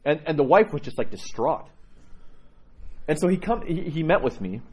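A man who is a priest, answering questions in a catechism class and telling stories in an animated way. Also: normal speed, slight background noise. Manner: animated storytelling with lively pitch, chuckling. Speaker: Orthodox priest.

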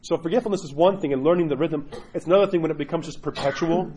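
A man, a priest, teaching a class in a chatty, animated way, often acting out quotes. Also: on the high side, very fast, a little hiss or hum. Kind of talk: casual catechism class talk.

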